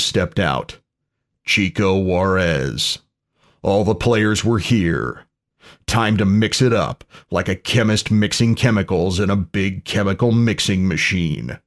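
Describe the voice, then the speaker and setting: A man narrates a parody pulp story in a dry, deadpan way. His voice is fairly low, and he reads at a very unhurried pace.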